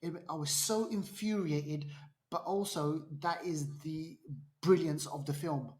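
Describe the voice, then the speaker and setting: A man's voice: fairly high pitch, measured pace. A man co-hosting a podcast, casually retelling a film plot with lots of restarts and acted-out lines. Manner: animated storyteller, acts out quotes, many restarts. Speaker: podcast co-host. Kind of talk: casual film review chat.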